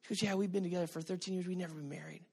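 A middle-aged male pastor preaching a sermon, telling stories with animated energy and shouting at the high points. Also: racing, vocal fry, breathy edge. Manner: animated storytelling, shouting at peaks.

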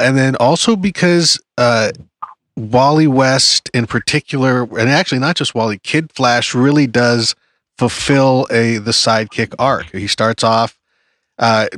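A man's voice: medium pitch, a bit bright, no echo, clean studio sound. A man on a panel, arguing his vote in a hesitant way with many fillers and restarts. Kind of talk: casual debate.

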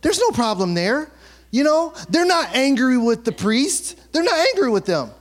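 A male pastor giving a sermon, retelling a story in an animated, colloquial, conversational way. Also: very high-pitched, normal speed.

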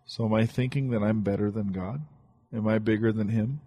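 A husky, somewhat low-voiced man hosts a podcast chat. He reflects aloud in a calm, mildly preachy tone, working through his points. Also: brisk, no echo. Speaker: podcast host. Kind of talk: casual chat.

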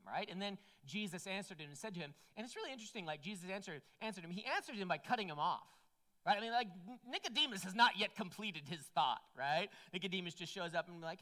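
Brief: woman preacher, chatty and animated, lively rising and falling pitch. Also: quick pace. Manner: conversational, animated, frequent "right?" and "like". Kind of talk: sermon.

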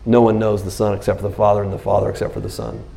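Man pastor, gravelly voice, lively sermon full of acted-out quotes. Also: lowish voice, very fast, slight background noise. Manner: animated preaching, acts out biblical scenes in quotes.

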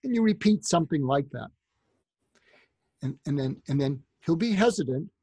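Husky, mellow man telling anecdotes. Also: a little high, moderate pace, dry recording. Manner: animated storyteller, acts out quoted voices. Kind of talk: anecdotal advice in conversation.

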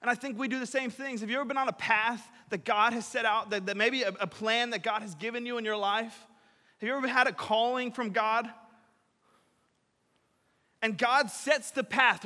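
A young man preaching a casual, energetic sermon, chatty and full of fillers, swinging between loud and quiet. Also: very high voice, brisk. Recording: reverberant hall.

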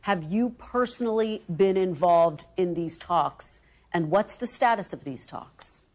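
A woman interviewer asking direct, measured questions, played from a news clip. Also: lowish voice, animated, a little mellow.

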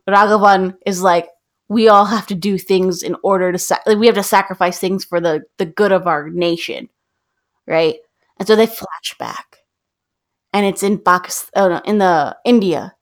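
Woman chatting w friends, telling a movie plot, does the characters' lines, mid pitch. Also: normal speed. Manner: animated storyteller, acts out characters' lines. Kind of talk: casual chat retelling a film plot.

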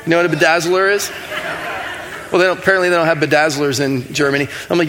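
A man delivers a sermon in a loose, conversational style, telling stories and poking fun at himself. His voice sits noticeably high for a man, and he slips into acting out little exchanges of dialogue as he goes. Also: racing, fairly bright tone, slight background noise. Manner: conversational, self-mocking, acts out dialogue. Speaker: preacher. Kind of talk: sermon with storytelling.

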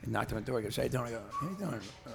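A man's voice: mid-range voice, rapid-fire, gravelly, over music. A man telling stories in casual chat, swearing often and laughing through them. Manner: profane, laughing storyteller.

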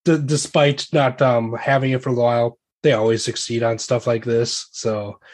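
Relaxed man running a tabletop game. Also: mid-range voice, normal speed. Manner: loose, hesitant narration full of ums and likes. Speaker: game master.

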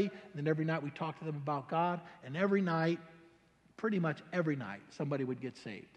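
An older man, a pastor, telling his story in a sermon in an animated, colloquial way with stammering restarts. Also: high voice. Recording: long hall reverb.

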